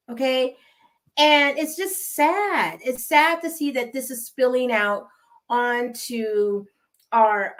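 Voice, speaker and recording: A woman's voice: fairly high pitch, fairly bright tone. A woman with a West Coast American accent gives casual, emphatic gossip commentary and repeats words for effect. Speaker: gossip vlogger.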